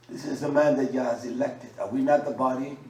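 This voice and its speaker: A man preaching a sermon, moving from quiet asides to loud, slow scripture reading. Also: mid-range voice. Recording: echoey room, mic at a distance.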